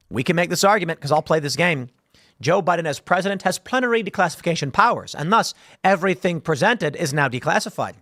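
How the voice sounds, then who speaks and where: A man's voice: on the high side, a bit bright, no room sound, clean studio sound. A man in his late thirties hosting a show, delivering an emphatic, indignant political commentary monologue. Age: 30s.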